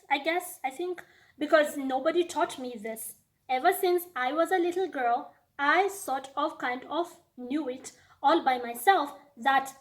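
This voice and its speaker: Young woman, bright high voice, earnest and reflective vlogger. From Kenya. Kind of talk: casual monologue.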